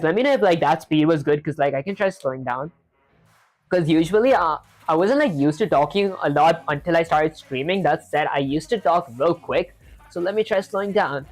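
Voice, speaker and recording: A man streaming live coding, talking quickly in a casual, chatty way, reading instructions aloud and filling gaps with fillers. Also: fairly high pitch. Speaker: programming streamer.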